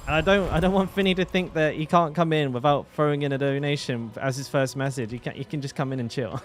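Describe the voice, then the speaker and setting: A man's voice: a little high, fairly quick. A man chatting casually to his live-stream audience while he plays a game, swearing freely, laughing, and often trailing off mid-sentence.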